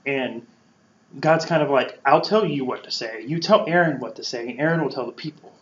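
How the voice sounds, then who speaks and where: A man's voice: mid-range voice, brisk, fairly bright tone. A man giving a casual Bible teaching as a podcast host, acting out the quotes playfully in a conversational way. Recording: roomy, dull lo-fi sound.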